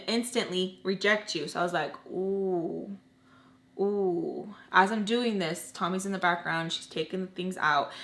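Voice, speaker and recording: Animated young woman telling a storytime. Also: medium pitch, roomy sound. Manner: emotional, swings from quiet to loud; cursing, slangy and animated. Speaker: storytime vlogger. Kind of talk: casual storytime.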